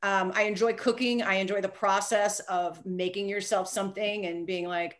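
A woman's voice: mid-range voice, steady tone, normal speed, hardly any pauses, a bit bright. A woman author talking casually as a podcast guest, chatty and self-deprecating, with frequent fillers and restarts.

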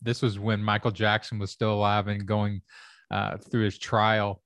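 A man's voice: fairly low pitch, monotone, a little slow, a bit bright, no echo. A middle-aged man from Kentucky, a comedy writer and stand-up comic, telling stories in a casual, rambling way with many fillers. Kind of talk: casual storytelling chat.

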